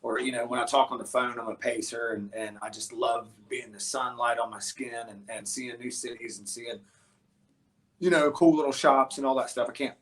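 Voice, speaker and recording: An American man in a casual interview, talking in a loose, rambling way with lots of "um"s and repeated words. He gets swept up in his own story and keeps circling back to pick up the thread. His voice sits at an ordinary middle pitch. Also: moderate pace. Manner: animated storyteller, many restarts and fillers. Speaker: guest musician.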